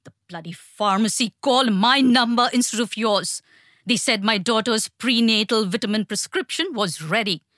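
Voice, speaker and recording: Woman doing a raging, shouting father. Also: on the high side, moderate pace, dry recording, studio quality, lightly acted. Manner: shouting, hollering. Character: enraged threatening middle-aged father.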